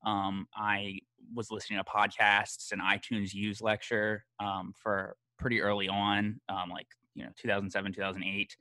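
An American man speaks as a history podcaster, talking in a rambling, self-deprecating way full of fillers and restarts. His voice is lowish yet bright, recorded close and dry. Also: no echo. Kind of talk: casual conversation.

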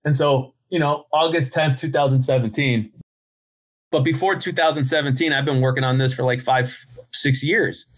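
A man's voice: medium pitch, normal speed. Man, middle-aged, blunt, swears freely, casual interview guest, storyteller. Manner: blunt, swears freely, tells stories with quoted voices. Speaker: podcast guest, business founder.

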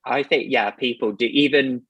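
A man with a posh English accent talks in a careful, hedging way, softening his points. His voice is a little husky, set in a dry, close recording with no room sound. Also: medium pitch, no echo, muffled recording. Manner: measured, hedging with "sort of" and "as such". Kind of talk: casual chat.

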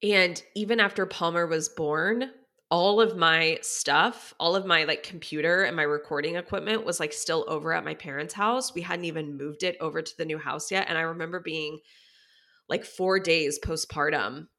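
A woman's voice: deep voice, normal speed, pushed and bright. A young woman hosting her own podcast, talking candidly and chattily with many "like"s, near tears at times. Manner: chatty, says "like" very often, emotional and teary at times. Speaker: podcast host. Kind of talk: candid personal talk.

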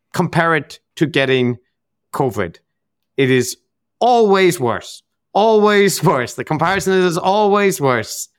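A man's voice: mid-range voice, fairly bright tone, clear, resonant tone, dry recording, studio quality. A man with an Irish accent, co-hosting a podcast in casual, sardonic banter and laughing often. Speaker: podcast co-host.

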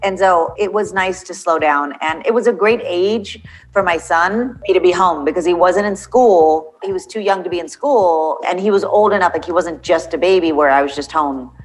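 Middle-aged lady guest on an interview, lowish voice, acts out quotes and laughs a lot. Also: normal speed, poor audio. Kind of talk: casual interview chat.

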